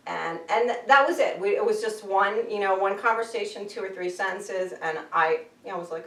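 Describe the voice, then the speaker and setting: A woman's voice: mid-range voice, a little fast, hardly any pauses. Chatty lady guest telling a story, laughs a lot, roomy far-off sound. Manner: animated, chatty, frequent laughter. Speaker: animal communicator guest. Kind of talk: casual storytelling interview. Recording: echoey room, distant mic.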